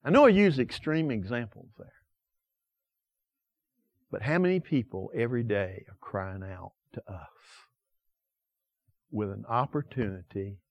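A man preaching a sermon with passion, asking the listeners many direct questions and swinging from loud emphasis to quiet asides. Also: medium pitch, expressive, unhurried, long pauses, no echo, muffled recording. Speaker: pastor.

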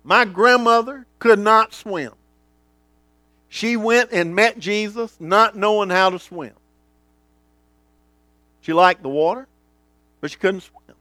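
A male pastor preaching a sermon, swinging from booming lines to hushed ones and acting out the voices he quotes. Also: slow, long pauses, no room sound.

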